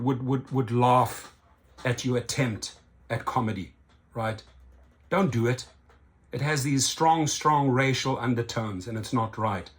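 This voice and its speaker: A man from South Africa delivers an emphatic opinion vlog as a channel host, his voice at an ordinary middle pitch for a man. He talks straight to camera and keeps checking in with the listener as he argues each point. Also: fairly bright tone. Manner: emphatic, keeps tagging lines with "right?".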